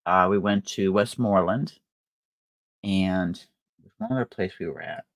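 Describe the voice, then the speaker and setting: An older woman with a bass voice hosts a crafting livestream, chatting casually at an unhurried pace. She rambles, using fillers and laughing along the way, and there's no room sound.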